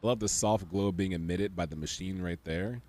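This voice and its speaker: A man streaming a video game, giving casual commentary with wry, sarcastic asides and sudden excited outbursts. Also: sits low, brisk.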